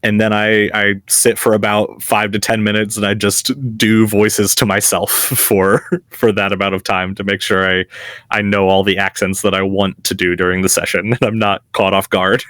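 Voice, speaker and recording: A man's voice: on the low side, little pitch movement, normal speed, a bit bright, dry recording, studio quality. A man and game master, chatting as a guest in an interview, easygoing and chuckling at himself. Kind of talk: casual interview.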